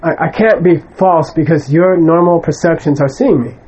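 Heard on a muffled recording, a male Buddhist teacher with a darkish tone and a slightly higher-than-usual voice speaks to students in a conversational lecture. He's emphatic and blunt when brushing aside wrong ideas, and he repeatedly checks in with a brief "okay?".

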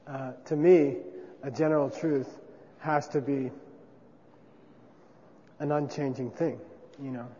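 A man's voice: mid-range voice, fairly even intonation, takes it slowly, pauses often, dark tone, a little hiss or hum. Man lecturing in a reverberant hall. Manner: conversational, checks in with frequent 'okay?'. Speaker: teacher. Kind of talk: classroom lecture on Buddhist philosophy. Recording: dull lo-fi sound with long reverb.

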